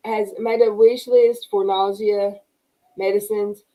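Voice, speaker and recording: A woman's voice: mid-range voice, level tone, takes it slowly, warm tone, rough recording. Chatty woman livestreaming. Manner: rambling, self-interrupting, laughs often. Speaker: livestream host. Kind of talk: casual livestream chat. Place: home room with wall TV monitors.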